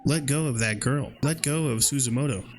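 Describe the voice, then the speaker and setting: A man's voice: medium pitch, fairly quick, faint music behind. A man playing a horror game and reading its dialogue aloud, with casual, slangy reactions in between. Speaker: gaming video creator.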